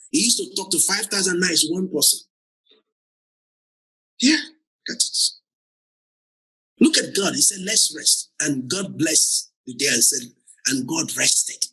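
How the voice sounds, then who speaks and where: A Nigerian-accented man delivers a sermon in a raspy, bright voice. His pitch leaps around, and he laughs often and keeps repeating his key phrases. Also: rough recording. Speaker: pastor.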